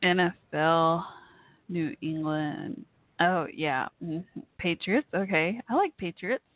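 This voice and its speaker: A woman hosting a live call-in show, chatting casually and giggling often, warm and effusive toward her listeners. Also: on the low side, slow, no room sound. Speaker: radio show host. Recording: tinny phone-like line, dry.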